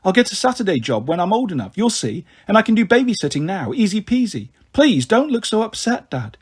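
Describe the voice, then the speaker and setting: A man's voice: sits high, sing-song, a little fast, slightly rough, full character voice. A man reading aloud, voicing a bold, cheeky teenage girl who teases her little sister in a storybook. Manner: cheeky, teasing.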